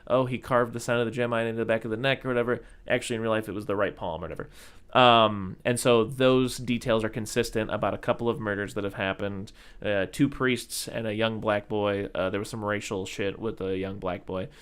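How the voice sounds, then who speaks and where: Low-voiced man rambling about movies. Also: fairly even intonation, a little fast, a bit bright, clear, resonant tone. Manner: rambling, many fillers and restarts. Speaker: podcast host. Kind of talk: casual movie chat.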